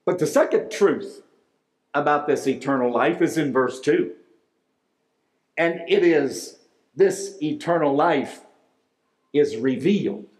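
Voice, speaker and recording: A man, a pastor, preaching a sermon in a deliberate, emphatic way, drawing out key words. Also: fairly high pitch. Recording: echoey room.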